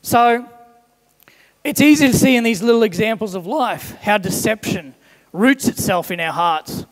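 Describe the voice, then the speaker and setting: A young man preaching a sermon, telling everyday stories in a lively way and briefly voicing the people in them. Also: sits high, a little slow. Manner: animated storyteller, briefly voices the people in his examples. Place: church hall. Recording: long echo of a large church hall.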